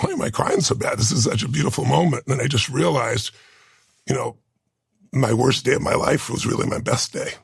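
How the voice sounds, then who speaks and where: A man in his sixties speaks earnestly in an interview, his voice gravelly and husky. He sounds close to the mic in a dry, dead room, with moments of deep feeling. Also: no room sound. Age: 60s. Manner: earnest, heartfelt, tearful at times. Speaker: interview guest. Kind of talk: emotional storytelling.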